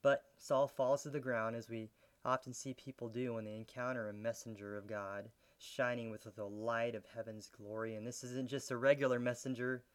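A man preaching a sermon as a pastor, teaching in an earnest way with soft laughs and growing intensity. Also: mid-range voice, flat delivery, moderate pace, hardly any pauses.

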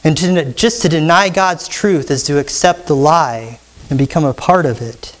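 Male pastor, high voice, emphatic teaching sermon, quizzes the congregation. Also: normal speed. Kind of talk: expository sermon.

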